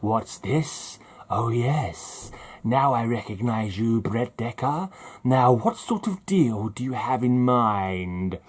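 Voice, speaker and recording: A man voicing Death, a grim male spirit who keeps his bargains, speaking low and slow. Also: expressive, slightly rough. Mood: sly.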